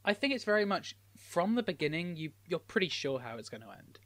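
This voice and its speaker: A man's voice: on the high side, very animated, a little fast, fairly bright tone, dry recording. A young man co-hosting a podcast, chatting casually about films with frequent restarts. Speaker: podcast co-host. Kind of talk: casual film discussion.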